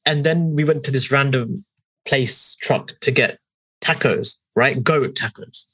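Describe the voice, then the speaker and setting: A young man with a London accent, telling animated, swearing travel stories as a podcast co-host. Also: medium pitch, moderate pace, breathy edge, no room sound, low-quality recording. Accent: London English. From England. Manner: animated, swearing, acts out voices in quotes. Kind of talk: casual storytelling chat.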